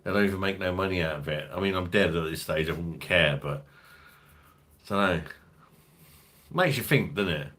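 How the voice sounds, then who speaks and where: A man's voice: deep voice, moderate pace, long pauses, fairly bright tone. A man with a London accent, hosting a casual livestream, joking crudely, swearing freely and rambling as he reads viewer comments. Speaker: host of a beer review livestream.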